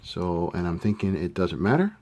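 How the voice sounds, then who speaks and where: Man, low voice, casual modeling tutorial, relaxed, thinking aloud, frequent fillers. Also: normal speed. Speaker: scale model hobbyist demonstrating a kit build.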